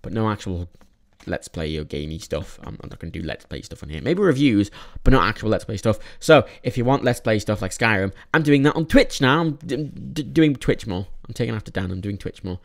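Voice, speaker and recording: A man's voice: on the low side, lively intonation, a little fast, gravelly, hardly any pauses. A young man casually reviewing films in a vlog, rambling with many restarts and frequent swearing. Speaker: film reviewer.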